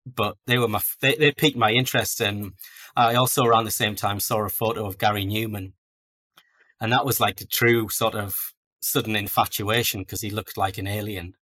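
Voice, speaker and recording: A man tells stories in a relaxed, self-deprecating way. His low voice has a forceful, bright edge. He sounds like a podcast guest chatting easily. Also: fairly quick. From North East England. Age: 40s. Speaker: guest author. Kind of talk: casual podcast interview.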